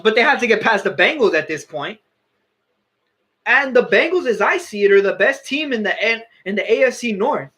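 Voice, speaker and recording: A man's voice: high voice, a bit bright. A young man giving casual, opinionated sports commentary, often correcting and restarting himself.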